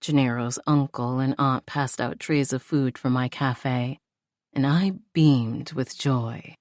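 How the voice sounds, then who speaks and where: A woman narrates a first-person romance audiobook, intimate and heartfelt. Her voice sits low and moves slowly, recorded close and dry. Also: fairly even intonation, darkish tone, no room sound.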